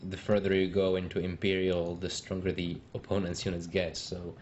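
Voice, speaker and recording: Deep flat-voiced male game caster. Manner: explanatory, measured play-by-play. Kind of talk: casual esports commentary. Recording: lo-fi stream audio with faint noise.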